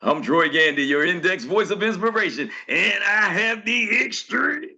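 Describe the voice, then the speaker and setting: A man's voice: sits high, lively intonation, normal speed, pushed and bright, highs cut off. A man hosting a live online session, giving the speaker a formal introduction that builds up hype. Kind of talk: emcee introduction.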